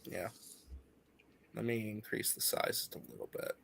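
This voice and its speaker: A man's voice: on the low side, big pitch swings, normal speed, vocal fry, a bit bright. A man with a stuffy cold, co-hosting a casual live reaction stream, joking and swearing freely. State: congested from a cold.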